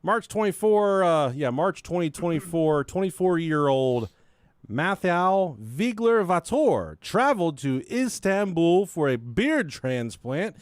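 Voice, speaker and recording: A man's voice: fairly high pitch, takes it slowly, smooth, no room sound, clean studio sound. A young man on a podcast, telling a story in casual chat, swearing, laughing and acting out the people in it. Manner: animated storyteller, acts out voices, swears, laughs often. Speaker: podcast co-host.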